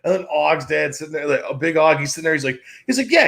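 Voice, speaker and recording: A man's voice: fairly high pitch, quick pace, vocal fry, few pauses, fairly bright tone. A man in his thirties from the Chicago area, hosting a sports talk show and telling rambling, profane stories in which he acts out the other voices. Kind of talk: casual podcast storytelling.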